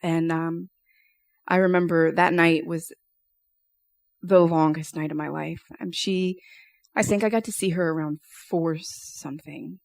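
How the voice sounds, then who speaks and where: A woman's voice: deep voice, fairly even intonation, measured pace, creaky, long pauses, dry recording. A young woman giving a personal testimony at church, telling her story conversationally with lots of fillers.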